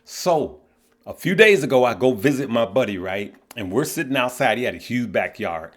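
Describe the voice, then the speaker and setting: A man's voice: medium pitch, expressive, moderate pace. A man hosting an investing course channel, talking in a blunt, opinionated casual monologue and telling stories with jokes. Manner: blunt, opinionated, joking storyteller.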